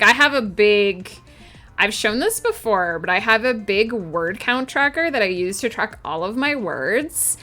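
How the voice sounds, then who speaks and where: A woman's voice: on the high side, sharp tone. A woman streaming her writing work, chatting casually with viewers and answering their messages. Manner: chatty, reads chat aloud and answers viewers. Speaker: writer streaming her planning. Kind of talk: casual livestream chat with viewers.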